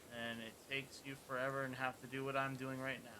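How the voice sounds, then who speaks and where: A man with a bright, forceful voice chats loosely while he plays a cleaning game on stream. He rambles, jokes and talks to himself between tasks, with faint noise behind him. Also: medium pitch, flat delivery, brisk, rough recording. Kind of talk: casual gameplay commentary.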